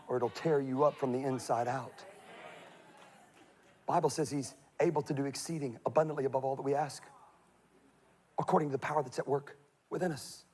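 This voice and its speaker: A middle-aged male pastor preaching a humorous sermon, swinging from hushed confession to shouted scripture readings. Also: mid-range voice.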